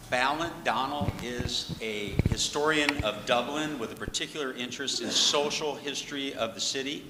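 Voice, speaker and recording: A man's voice: mid-range voice, bright, forceful tone. Enthusiastic male host in an echoey hall. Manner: enthusiastic, reads a formal introduction. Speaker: event host. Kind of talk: introducing a speaker. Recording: echoey hall with crowd and noise.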